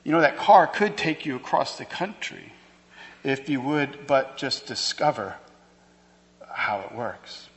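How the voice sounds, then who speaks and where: A man's voice: mid-range voice, big pitch swings, measured pace. A pastor preaching a sermon to his church, emphatic and conversational, with rhetorical questions. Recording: long hall reverb.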